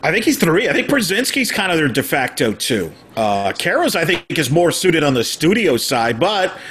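Man, podcast panelist, relaxed, conversational, higher pitch. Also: normal speed, slight background noise. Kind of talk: casual sports talk.

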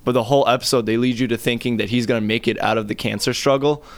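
A man's voice: mid-range voice, quick pace. A young man co-hosting a casual podcast, telling stories bluntly and swearing freely. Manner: blunt, profane, animated storyteller. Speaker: podcast co-host. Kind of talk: casual chat.

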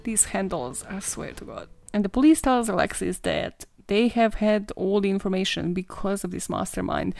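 A woman hosting a podcast with a gravelly fry, recounting a true-crime case in a loose, sarcastic, foul-mouthed way. Her voice sits at a middle pitch and sounds dry and close, with no room around it. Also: normal speed, hardly any pauses, darkish tone, dry recording. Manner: profane, sarcastic, laughs often. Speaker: podcast host. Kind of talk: casual true-crime storytelling.

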